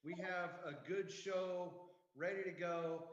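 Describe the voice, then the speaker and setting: A man hosting a town hall over a video call, playful and fond of hammy bits. His voice sits a little high and rings in an echoey room. The call audio is dull and lo-fi. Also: steady tone, takes it slowly. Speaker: host. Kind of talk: casual video-call chat.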